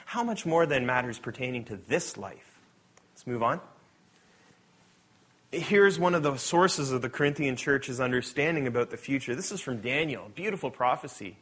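A man delivers a sermon in a voice that sits a little high for a man. He reads scripture with lively, sarcastic emphasis and then drops to quiet, conversational asides to the congregation. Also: moderate pace, slightly rough. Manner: animated, shifting between loud emphatic reading and quiet asides. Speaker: preacher.

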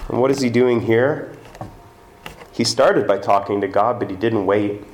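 Joking preacher in an echoey room. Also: male voice, fairly low pitch, unhurried. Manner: humorous asides, conversational. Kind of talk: casual sermon, retelling scripture. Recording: echoey room, distant mic.

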